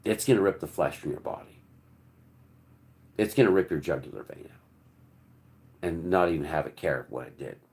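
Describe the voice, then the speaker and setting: A deep-voiced man preaches in a loose, rambling way, swearing casually as he goes. He swings from sudden loud bursts down to low, almost muttered stretches. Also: expressive, normal speed, long pauses. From United States. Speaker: channel host. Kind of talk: impassioned monologue.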